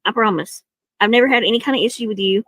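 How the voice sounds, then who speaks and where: Fast-talking woman smoothing things over. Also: fairly high pitch, a bit bright, no echo. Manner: brisk, conciliatory, pushes to move on. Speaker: panel member. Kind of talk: live-stream panel chat.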